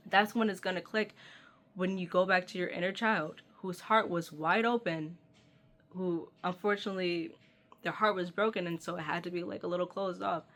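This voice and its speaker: A woman's voice: on the low side, fairly bright tone, slight background noise. A woman giving a channeled tarot reading, speaking straight to the listener in an earnest, affectionate way. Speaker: tarot reader.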